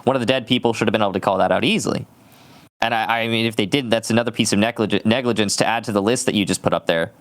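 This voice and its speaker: A man's voice: on the low side, rapid-fire. A man doing live esports commentary in a casual, chatty way with plenty of fillers. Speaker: esports caster. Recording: steady background noise.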